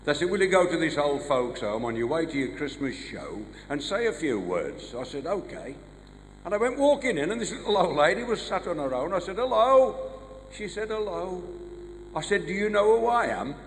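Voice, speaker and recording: A man's voice: fairly high pitch, sing-song, a little fast. A man with a Black Country accent doing a live stand-up routine, firing off one-liners and short gag stories in a large venue. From English West Midlands. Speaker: stand-up comedian. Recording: live hall reverb, faint noise.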